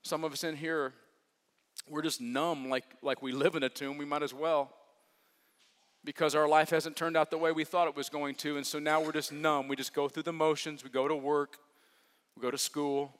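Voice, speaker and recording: A man preaching a sermon as pastor, earnest and repetitive, swinging from hushed to emphatic. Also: on the high side, little pitch movement, normal speed. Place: large church hall. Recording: long reverb of a large hall.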